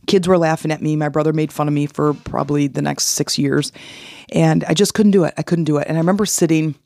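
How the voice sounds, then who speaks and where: A podcast host telling a personal story in an animated way, acting out the voices of people in it. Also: medium pitch, fast, gravelly, no room sound. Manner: animated, acts out quoted voices.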